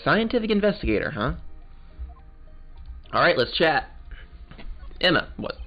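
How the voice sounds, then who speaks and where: A man's voice: on the high side, very animated, measured pace. A man playing and voicing a game, chatting in a loose, joking way. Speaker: let's play host voicing the game. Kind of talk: casual game commentary and voicing. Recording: muffled, game music behind.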